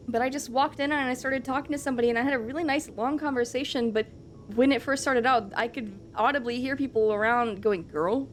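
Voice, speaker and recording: A woman's voice: on the high side, a little hiss or hum. A woman streamer chatting casually with her live audience, rambling along with lots of fillers and the odd swear.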